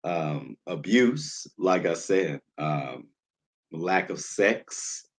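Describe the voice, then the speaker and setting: A man's voice: low voice, expressive, very slow. A man hosting a casual livestream, talking loosely with lots of fillers and greeting viewers in the chat by name. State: nervous, jittery. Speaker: livestream host.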